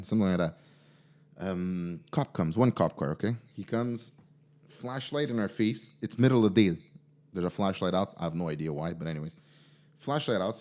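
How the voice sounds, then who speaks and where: Laid-back guy telling a story. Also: on the low side. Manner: animated storyteller with lots of fillers. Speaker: podcast host. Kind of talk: casual chat, storytelling.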